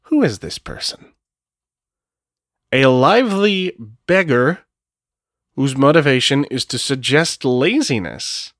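Man, solo tabletop game narrator, casual, swears, unhurried, dry close sound. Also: mid-range voice, big pitch swings, a bit bright, dry recording. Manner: casual, swearing, thinking aloud. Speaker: game master.

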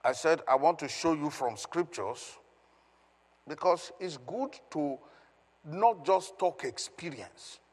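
Male pastor, Bible teaching, emphatic, quizzes the congregation, husky, slightly high voice, echoing hall. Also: animated, takes it slowly. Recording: long reverb of a hall.

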